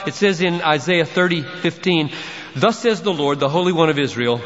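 A man's voice: fairly high pitch, animated, moderate pace, fairly bright tone. Man preaching in an echoey church. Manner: preaching with rising emphatic bursts. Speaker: pastor. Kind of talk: sermon. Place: large church sanctuary. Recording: dull echoey church recording, faint hiss.

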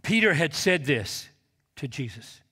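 A man's voice: a little high, sing-song, measured pace, pushed and bright, husky. A man preaching a sermon, emphatic, quoting scripture with rising intensity. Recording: long hall reverb.

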